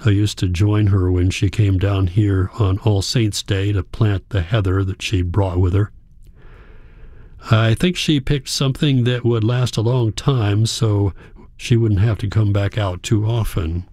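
A man reading a novel aloud in a measured, reflective storytelling manner. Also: fairly low pitch, warm tone, dry recording, studio quality. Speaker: audiobook narrator. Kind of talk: scripted narration.

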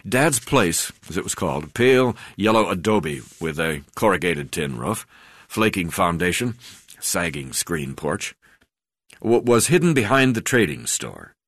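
A man reading his memoir aloud, in a halting way with frequent hesitations. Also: low voice, very animated, fairly bright tone, no room sound, studio quality. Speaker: memoir narrator.

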